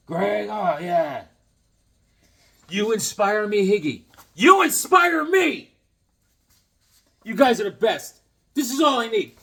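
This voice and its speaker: A man hosting a casual unboxing vlog, talking in an excitable, goofy, joking way. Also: high-pitched. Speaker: comics vlogger unboxing a package.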